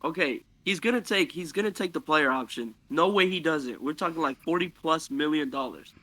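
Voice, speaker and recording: A man's voice: on the high side, expressive, fairly quick, bright, forceful tone, no room sound. A man appearing as a podcast guest, giving blunt, emphatic opinions in a casual chat.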